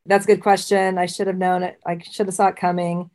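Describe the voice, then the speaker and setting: Woman, lowish pitch, chatty podcast co-host, casual trivia banter. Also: level tone, fairly quick, darkish tone. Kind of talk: casual chat and trivia quizzing.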